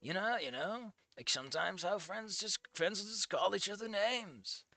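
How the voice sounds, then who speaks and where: A streamer voicing a laid-back young man in a game, soft, low and mumbling. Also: a little slow. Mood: placating.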